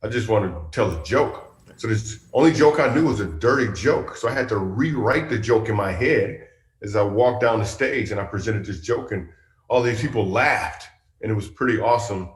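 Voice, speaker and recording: A middle-aged male comedian telling stories in an animated, chatty interview style. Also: on the low side, moderate pace, reverberant. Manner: animated, chatty storytelling with asides. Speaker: comedian guest. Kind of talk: storytelling interview.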